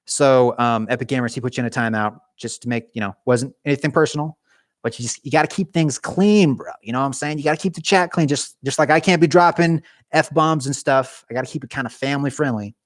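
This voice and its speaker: A man's voice: medium pitch, quick pace, dry recording, clean studio sound. Chatty young man streaming live. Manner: casual, animated, talks with his hands; chatty with frequent restarts. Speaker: YouTube gaming channel host. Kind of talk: live stream chat with viewers.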